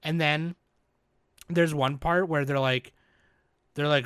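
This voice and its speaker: Bright-voiced man chatting animatedly. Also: on the high side, slow pace, smooth, no echo. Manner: animated, rambling recap with frequent swearing. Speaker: podcast host. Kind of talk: casual chat.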